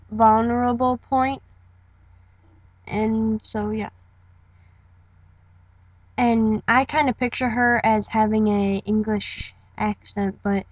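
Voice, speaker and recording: A young woman talking slowly and casually, with a fairly high voice, rambling a little as she introduces her audition. The recording is dull and lo-fi, dry with no room echo. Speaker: voice acting auditioner.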